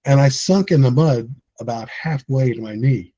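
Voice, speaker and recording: A man's voice: medium pitch, moderate pace, dark tone, no echo, muffled recording. A middle-aged man, a support group speaker, telling his own story in a conversational way, with fillers and laughing at himself now and then. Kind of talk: personal storytelling talk.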